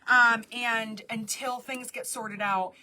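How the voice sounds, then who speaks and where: Bright-voiced chatty woman hosting a live stream. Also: on the high side, steady tone. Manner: chatty, laughing, quick asides. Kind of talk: casual live-stream chat.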